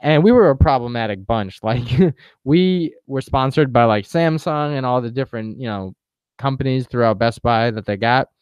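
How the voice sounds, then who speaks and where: A man's voice: medium pitch, normal speed, a little mellow, clean tone, dry recording, muffled recording. A young man on a podcast, laid-back and joking, swearing casually as he tells a story. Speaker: podcast co-host. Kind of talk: casual chat.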